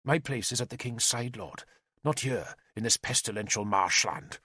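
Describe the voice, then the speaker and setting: A man's voice: mid-range voice, moderate pace, pushed and bright, slightly rough, dry recording, studio quality. A man voicing a pompous, greedy male bishop who wails and shrieks melodramatically, in an audiobook. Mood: scheming. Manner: melodramatic wailing, shrieking pleas. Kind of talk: audiobook character voice.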